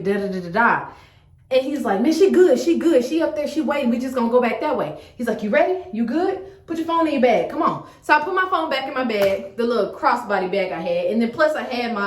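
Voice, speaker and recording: A woman tells a story straight to camera in a high, lively voice. She talks in casual slang and acts out every quote. The room around her sounds echoey. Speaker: storyteller vlogger.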